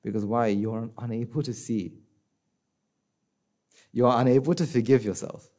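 Guy giving a buddhist talk, relaxed warm voice, keeps asking the crowd questions. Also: unhurried. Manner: conversational, asks the audience rhetorical questions; acts out inner voices in a soft low voice. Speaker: Buddhist teacher. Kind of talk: dharma talk.

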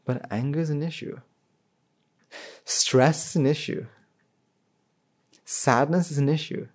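A man's voice: a little high, fairly even intonation, unhurried. A man giving an informal talk, asking his listeners rhetorical questions and often restarting his sentences. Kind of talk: informal spoken talk to an audience.

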